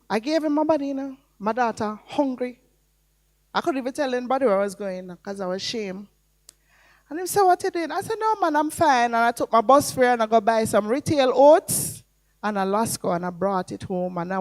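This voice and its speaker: A Jamaican woman in her thirties giving an emotional church workshop testimony, swinging from hushed, confiding lines to loud, preacherly declarations. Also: a little high. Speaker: workshop speaker.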